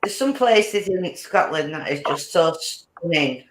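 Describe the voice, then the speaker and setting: A woman's voice: lowish voice, lively intonation, measured pace. Echoey woman hosting a chat. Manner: rambling, laughs often. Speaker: podcast host. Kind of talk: casual chat.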